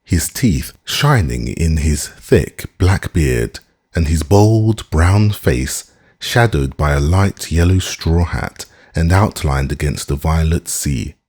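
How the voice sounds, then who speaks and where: Husky, deep-voiced male narrator for a classic audiobook, expressive and lively in pitch. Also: slow pace. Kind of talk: scripted narration.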